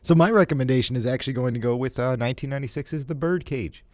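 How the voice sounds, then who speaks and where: A man's voice: mid-range voice, quick pace, no echo. A man co-hosting a casual talk show, recommending films with wry, joking asides. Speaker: podcast co-host.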